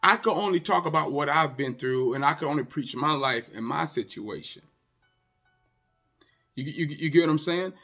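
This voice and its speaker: A man's voice: fairly high pitch, normal speed, soft background music. A male pastor preaching an impassioned sermon, repeating his points and turning to the congregation with conversational asides. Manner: impassioned, repetitive preaching that often rises to a shout.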